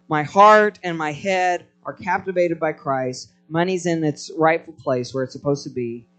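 A man preaching a live sermon to a congregation, telling stories with energy and prompting the crowd to respond. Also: a little high. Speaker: pastor.

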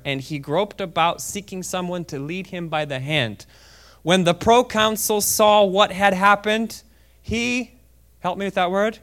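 A man preaching a sermon in a church service, reading scripture aloud and talking casually between verses, often checking in with "okay?" and swinging from quiet asides to loud, fervent reading. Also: high-pitched, unhurried. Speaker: guest preacher.

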